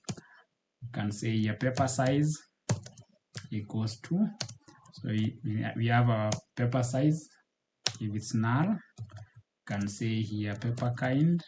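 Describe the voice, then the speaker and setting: Halting man narrating code as he types. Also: lowish voice, background noise. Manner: halting, repeats words while typing, frequent fillers. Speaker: programming tutor. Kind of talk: screen-recorded coding walkthrough.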